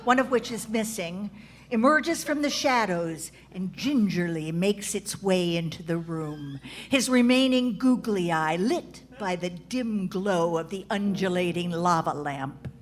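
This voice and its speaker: A seventy-year-old woman narrating a comedy sketch onstage in a wry, deadpan tone. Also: on the low side, unhurried. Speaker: cast member, narrator.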